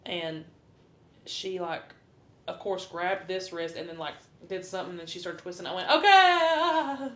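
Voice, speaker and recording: A woman's voice: level tone, moderate pace. A woman co-hosting a podcast, chatting casually and telling stories with a laugh. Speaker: podcast co-host. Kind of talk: casual chat. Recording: echoey room, faint rumble.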